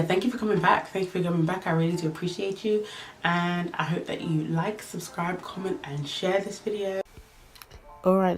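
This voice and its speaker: A young adult woman chatting casually through a makeup tutorial in a playful, joking way, coining silly words as she goes. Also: on the low side. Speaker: beauty vlogger. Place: indoors at home under studio lights.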